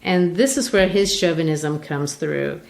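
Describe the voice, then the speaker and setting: A woman from Brazil hosts a casual literature podcast, talking through a play in a chatty, explanatory way. Her voice sits slightly low, and she often restarts her sentences as she thinks aloud. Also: measured pace, gravelly, darkish tone. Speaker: podcast host.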